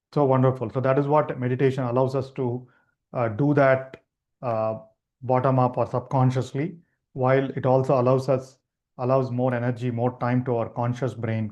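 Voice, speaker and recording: Man, meditation teacher, calm unhurried explaining, mid-range voice, online class. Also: mid-range voice. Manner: gentle, unhurried explaining with restarts.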